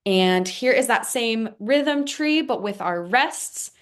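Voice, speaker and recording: A woman's voice: a little high, expressive, slow pace, clean tone. A woman teaching a music lesson, patiently explaining rhythms and counting them out aloud.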